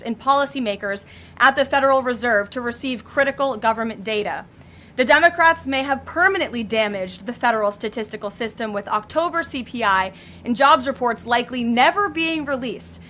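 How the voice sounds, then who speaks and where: A woman's voice: on the high side, fairly bright tone, slight background noise. A woman press secretary reading a firm, scripted statement at a briefing.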